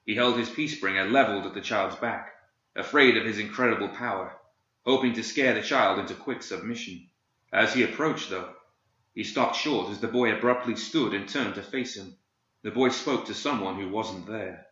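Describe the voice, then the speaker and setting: Bright-toned male storyteller in a roomy space. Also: lowish voice, moderate pace. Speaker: narrator. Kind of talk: dramatic story narration. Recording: roomy, slightly dull home recording.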